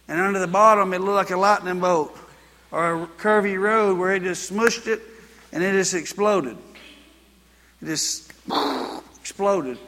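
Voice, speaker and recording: A man preaches in a high, bright voice. His sermon moves from folksy anecdote to rhythmic, repeated exhortation. The sound carries the long reverb of a church hall. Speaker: pastor. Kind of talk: sermon with personal story.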